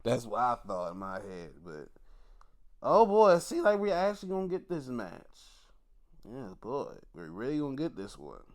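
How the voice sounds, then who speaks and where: A man reviewing wrestling shows in casual commentary, excitable and profane, often putting on mock outrage. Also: mid-range voice, normal speed.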